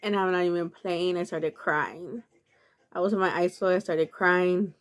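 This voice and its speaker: A woman's voice: on the low side, steady tone, normal speed. A woman vlogger telling a personal story in a casual, earnest, confessional way, with many filler words.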